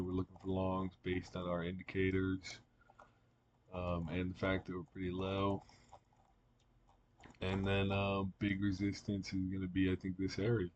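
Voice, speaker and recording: Low flat-voiced man rambling over charts. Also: dull audio, a little hiss or hum. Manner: rambling, many fillers and restarts. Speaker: market analyst. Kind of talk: casual trading chart commentary.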